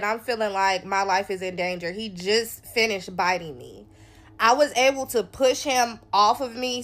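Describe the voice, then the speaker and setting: A woman's voice: a little high, bright, forceful tone. A woman from North Carolina, candidly telling viewers her own story in a casual, conversational way. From North Carolina, USA.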